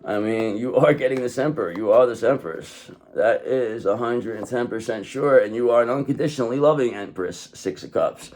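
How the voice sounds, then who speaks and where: A man's voice: medium pitch, moderate pace, hardly any pauses, darkish tone. A man giving a casual, rambling tarot reading to his viewers. He swears freely and keeps saying "okay" as he talks. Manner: rambling, often says "okay". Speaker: tarot reader.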